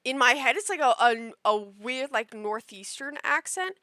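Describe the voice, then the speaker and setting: A woman's voice: high voice, lively intonation, moderate pace, sharp tone, no echo, clean studio sound. A young adult woman live streaming a game, chatting casually and telling a rambling story full of "like" fillers into a desk mic. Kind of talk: casual stream chat while gaming.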